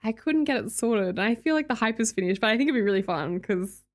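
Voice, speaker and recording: Brief: young Australian woman, lively up-and-down voice, a bit high, chatty streamer who laughs a lot. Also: quick pace. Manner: chatty, laughs often, reads chat aloud. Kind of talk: casual chat with live chat readers.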